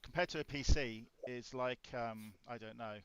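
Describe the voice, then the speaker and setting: A man hosting a casual livestream chat, quiet on his microphone, his loudness jumping around. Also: mid-range voice, steady tone, normal speed, smooth, dry recording. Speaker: host.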